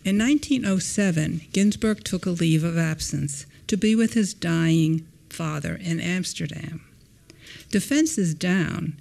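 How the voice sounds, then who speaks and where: Woman reading a lecture with expressive lift. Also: creaky. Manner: expressive reading with wide swings in pitch and loudness; adds brief spoken asides between readings. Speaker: historian giving a lecture. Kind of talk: reading a prepared lecture aloud. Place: lecture hall before an audience.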